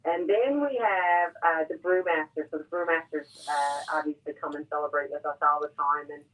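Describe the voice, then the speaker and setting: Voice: mid-range voice, moderate pace, a bit bright. A guest with a thick Newfoundland accent, speaking for a brewery over the phone, chatty and enthusiastic and often repeating words mid-thought. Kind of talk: casual radio interview. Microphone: telephone. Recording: tinny phone line.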